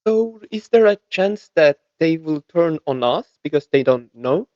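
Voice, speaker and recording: A man voicing a friendly, polite alien woman in a tabletop role-play, speaking softly. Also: fairly high pitch, lively intonation, a little slow, no echo. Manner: soft-spoken, cheerful and polite. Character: soft-spoken alien woman, friendly and curious. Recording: dull, lo-fi mic.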